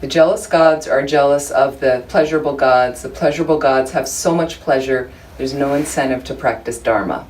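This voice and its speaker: Woman dharma teacher, low voice, informal and joking, picked up from across the room, faint hiss. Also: moderate pace, hardly any pauses, a little mellow. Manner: chatty, humorous, conversational with frequent asides. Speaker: Buddhist study group teacher. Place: room with a small group of listeners. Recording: distant room recording, faint background noise.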